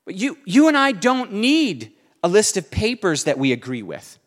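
Male preacher, earnest sermon voice, slightly high, soft then forceful. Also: wildly swooping pitch, normal speed. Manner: earnest, swings from soft to emphatic.

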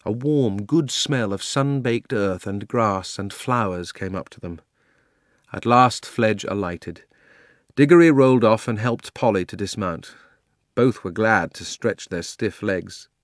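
A man narrating a children's audiobook with measured storytelling. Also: lowish voice, dry recording, clean studio sound. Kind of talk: scripted narration.

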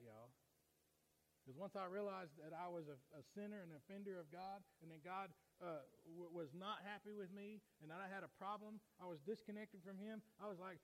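A man, preaching a sermon in a folksy way that swings from quiet to loud. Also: sits high, poor audio.

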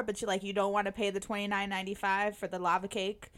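A woman's voice: mid-range voice, flat delivery, fast talker. A woman co-hosting a casual chat, gushing effusively as a fan. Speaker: podcast co-host.

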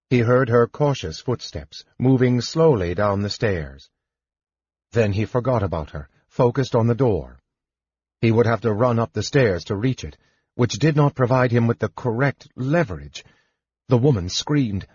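A man narrates an audiobook in a slow, measured manner. His voice is low and husky. The dry recording sounds dull and lo-fi. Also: expressive, darkish tone, no echo. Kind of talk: scripted narration.

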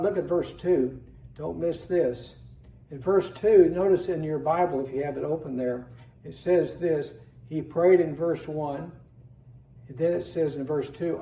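A man's voice: on the high side, vocal fry, dark tone. A man pastor preaching a sermon in a church, earnestly reading scripture aloud with rising emphasis. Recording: echoey room, voice from a distance.

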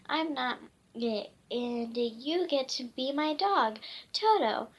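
A woman reading aloud and voicing an earnest, excitable young girl who is nervous about her school play. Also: high voice, slow pace, heavily acted. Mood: excited.

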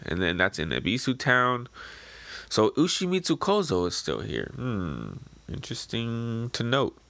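A man casually reviewing a manga chapter, rambling in a relaxed way. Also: medium pitch, a little slow, gravelly, dry recording. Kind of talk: casual chat.

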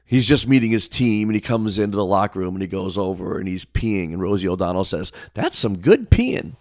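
A man co-hosting a casual chat, enthusiastic and quick to laugh. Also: low voice, fairly even intonation, a little mellow, no room sound, studio quality. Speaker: podcast co-host.

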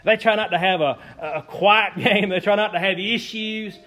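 A man's voice: sits high, moderate pace, sharp tone. A man preaching a folksy sermon as pastor, chuckling often and repeating his key phrases.

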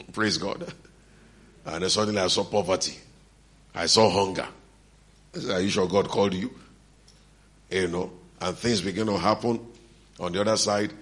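A man's voice: sits low, steady tone, moderate pace, pauses often, fairly bright tone. A middle-aged man preaching a sermon as a pastor, telling stories and acting out the dialogue of the people in them. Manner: storytelling preacher, acting out dialogue, laughing between lines.

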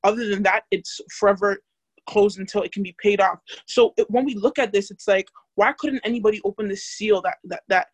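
A woman's voice: medium pitch, fairly quick, dry recording. A young woman casually teaching a Bible study, chatty and full of fillers, asking the group questions.

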